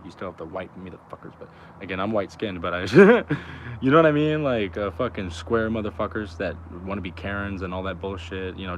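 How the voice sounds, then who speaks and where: A man's voice: low voice, slight background noise. A young man talking in a loose, rambling, profane way, full of fillers, outdoors by a road. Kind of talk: casual rambling chat.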